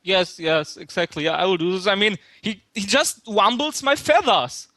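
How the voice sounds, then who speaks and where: A man's voice: high-pitched, moderate pace, bright, forceful tone, dry recording. A man putting on a nervous young male student caller with a fake German accent, stammering and repeating his words. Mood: flustered. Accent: put-on German. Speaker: prank caller. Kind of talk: prank call-in.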